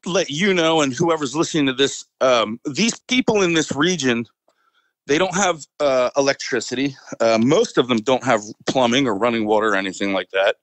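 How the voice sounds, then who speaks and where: A man's voice: medium pitch, lively intonation, normal speed, a bit bright, no room sound, rough recording. A man, a military veteran and podcast guest, telling a story casually with many fillers and frequent chuckles. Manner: rambling, fillers, chuckles often.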